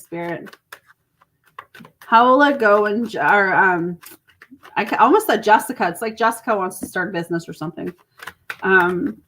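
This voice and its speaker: Reading tarot live for viewers, a Canadian woman who is mother to grown children stays chatty and reassuring, laughing frequently. Her voice is mid-range and a bit bright, with a little hiss or hum in the audio.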